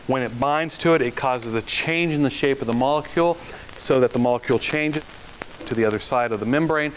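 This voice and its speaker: A male university lecturer giving a classroom lecture, talking conversationally, asking the class questions and telling stories along the way. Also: mid-range voice. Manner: conversational, asks the class questions, tells anecdotes. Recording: dull lo-fi lecture recording with faint noise.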